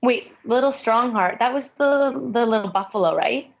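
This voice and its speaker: Female guest, naturally raspy, casual and chatty, lo-fi line. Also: fairly high pitch, moderate pace. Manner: chatty, lots of "like" fillers, laughs often. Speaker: guest voice actress. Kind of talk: casual interview chat.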